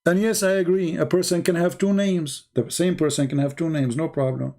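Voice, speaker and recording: A man's voice: on the high side, steady tone, brisk, mellow. Insistent man in a heated debate. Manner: insistent, repeats phrases. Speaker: debate show host.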